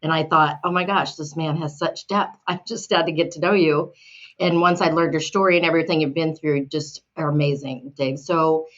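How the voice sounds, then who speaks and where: A woman hosting an interview, speaking softly and admiringly to her guest. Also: deep voice, steady tone, moderate pace, dull audio. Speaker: podcast host.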